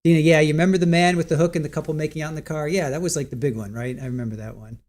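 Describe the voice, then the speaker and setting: A man's voice: on the high side, steady tone, rapid-fire, darkish tone. A man in his forties hosting a casual livestream, rambling, stumbling over words and reading viewer comments aloud. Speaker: livestream host.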